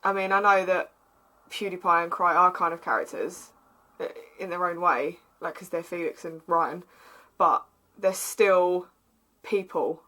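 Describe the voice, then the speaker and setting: A woman's voice: on the low side, fairly even intonation, unhurried, sharp tone, rough recording. A woman with an Essex accent reading fan fiction aloud in a casual vlog, with chatty, sarcastic asides.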